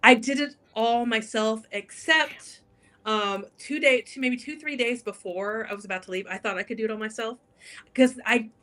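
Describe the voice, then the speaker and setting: A woman's voice: on the high side, normal speed, fairly bright tone. A woman guest on a talk show, telling a story casually, acting out quotes and laughing often. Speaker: guest, drag king entertainer.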